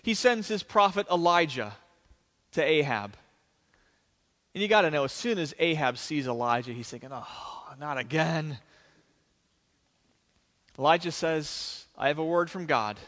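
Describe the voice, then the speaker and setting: A pastor delivers a sermon to his congregation, his voice riding high as he tells the story with animated energy. Every phrase rings out and fades into the long reverb of a large sanctuary.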